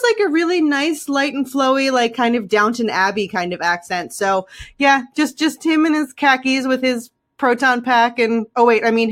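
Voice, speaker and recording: A woman's voice: on the high side, fairly bright tone. A woman chatting casually on a podcast, giggly and rambling, often interrupting herself. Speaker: podcast guest co-host. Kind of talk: casual chat.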